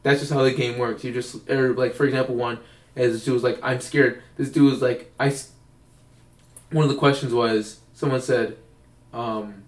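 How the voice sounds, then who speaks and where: A man's voice: mid-range voice, fairly even intonation, moderate pace. A young man telling rambling stories in casual chat, co-hosting a podcast. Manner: rambling, acts out quoted voices. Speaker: podcast co-host. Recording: roomy, distant mic.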